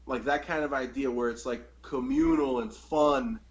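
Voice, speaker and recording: A man's voice: mid-range voice, steady tone, moderate pace, highs cut off, a loud crowd. A young man hosting a podcast, telling a long story in a rambling, profane, casual way. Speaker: podcast host.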